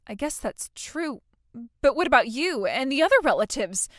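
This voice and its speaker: A woman plays a whiny, entitled young bride in a dramatized text-message story, stammering and making demands. Her high voice is very animated and moves at a normal speed, recorded dry and close-miked with no room sound.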